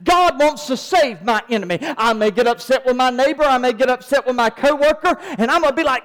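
A man's voice: very high-pitched, lively intonation, brisk, few pauses, fairly bright tone. A man preaching a sermon, asking his congregation rhetorical questions. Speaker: pastor. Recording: long hall reverb.

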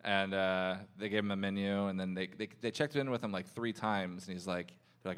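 A podcast host with a deep, steady, smooth voice talks briskly with few pauses on a live comedy podcast in front of an audience. He tells a rambling anecdote, quoting people in shifting voices amid the banter and storytelling.

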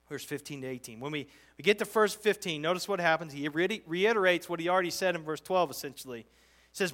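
A man with a high, bright voice preaches through a passage verse by verse. He talks in a loose, conversational way, restarting phrases and swelling into animated, emphatic stretches. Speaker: pastor. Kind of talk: expository sermon.

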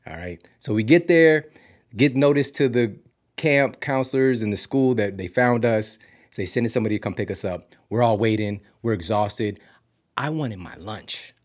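A man from Missouri hosting a podcast, telling a story casually with big swings from loud to hushed. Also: on the low side. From Missouri, USA. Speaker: podcast host.

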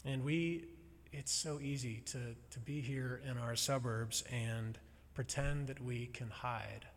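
A man preaching a sermon to a congregation, earnest and building to loud emphasis. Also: medium pitch, steady tone, takes it slowly, slight background noise. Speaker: pastor. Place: church sanctuary. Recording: long reverb of a large hall.

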